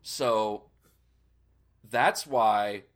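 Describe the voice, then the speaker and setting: A man's voice: lowish voice, drawn-out words. A man co-hosting a comedy podcast, trading jokes in a mock-serious tone. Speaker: podcast co-host. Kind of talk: casual comedic chat.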